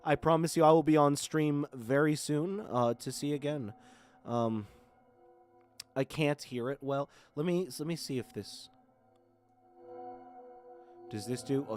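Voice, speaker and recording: Brief: young male streamer, mid-pitched, rambling and friendly, soft music underneath. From Florida. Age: 20s. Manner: chatty, rambling, thanks viewers often. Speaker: live stream host. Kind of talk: casual live stream chat. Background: faint horror music.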